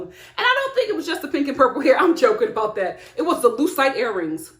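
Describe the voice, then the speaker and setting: A woman giving a casual, animated recap of a reality TV episode, laughing often and talking back to the screen. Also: sits high, a little fast, few pauses. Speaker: TV show reviewer. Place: home filming setup. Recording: echoey room.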